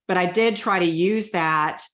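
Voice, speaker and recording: An earnest woman speaking with heartfelt emotion as an interview guest. Her voice sits a little low. It rings in a roomy, echoey space. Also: measured pace, fairly bright tone. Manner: earnest, emotional, often quotes her own prayers. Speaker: guest sharing a personal story.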